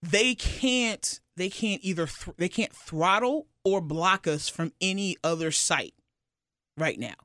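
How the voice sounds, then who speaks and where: A young man co-hosting a podcast, talking casually and explaining things haltingly, with many restarts. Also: sits high, animated, pushed and bright, no echo, clean studio sound. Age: young adult. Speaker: podcast co-host. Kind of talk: casual chat. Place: radio building studio.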